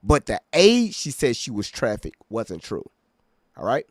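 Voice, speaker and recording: A man's voice: mid-range voice, wildly swooping pitch, a little slow, dry recording, studio quality. A man hosting a reaction video, talking straight to his viewers in an emphatic way and often checking they follow him. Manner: emphatic, keeps checking in with listeners. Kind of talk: casual commentary to viewers.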